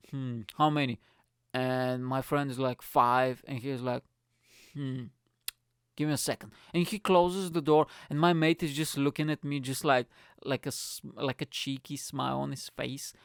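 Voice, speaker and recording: A man hosting a podcast, telling a story in an excitable, rambling way and swearing freely. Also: medium pitch, normal speed, clean tone, dry recording, studio quality. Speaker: podcast host. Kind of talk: casual storytelling monologue.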